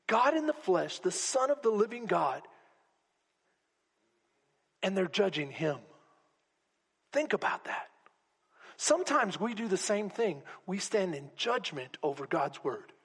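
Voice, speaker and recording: A man preaching a sermon as pastor to a congregation, swinging between loud exclamations and hushed asides. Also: high voice, very animated, slow, long pauses, breathy edge. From Texas. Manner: preaching with rising shouts and sudden quiet drops. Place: church sanctuary. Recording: long hall reverb.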